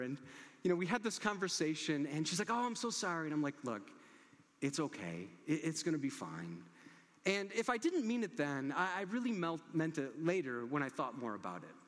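A man preaching a conversational sermon as a pastor, telling stories with relaxed, gentle humor. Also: fairly high pitch. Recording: long hall reverb.

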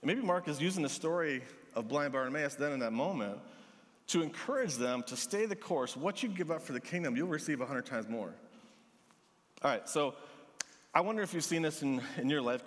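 A man preaching a sermon as pastor, earnest and gentle, pausing often. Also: a little high, expressive, big-room sound.

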